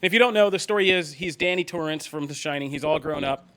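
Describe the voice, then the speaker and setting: A man hosting a casual pop culture podcast, steering the talk from topic to topic, animated and laughing often. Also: fairly high pitch, fast talker. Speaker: podcast host. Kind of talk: casual chat.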